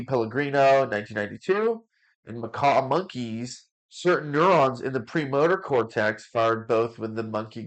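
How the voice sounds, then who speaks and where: A man hosting a parenting podcast as a parent coach, talking casually with fillers and stumbling over names. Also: medium pitch.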